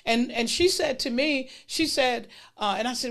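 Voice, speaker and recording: A middle-aged woman telling personal stories about her career mentors in a lively, emphatic way. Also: high voice, moderate pace. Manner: emphatic, lively retelling with acted-out dialogue. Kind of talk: personal storytelling talk.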